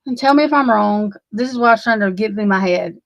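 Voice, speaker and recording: Talking fast at medium pitch, a woman rambles through live commentary on her casual true crime stream, yawning sleepily and cursing in frustration as she addresses chat. The recording is dry and lo-fi.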